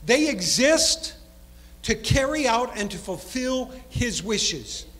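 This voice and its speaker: A pastor preaches in a strikingly high voice, leaning into long cadenced phrases. He sinks low and quiet on key words, then surges faster. His voice rings out with a long church reverb around it. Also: big pitch swings. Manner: preaching cadence, drops low and soft for emphasis, then speeds up. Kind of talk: sermon.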